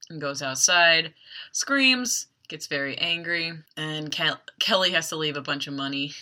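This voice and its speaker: A woman hosting a podcast, recapping a TV episode in a chatty, wry way with quick asides. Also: low-pitched, bright, forceful tone. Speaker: podcast host.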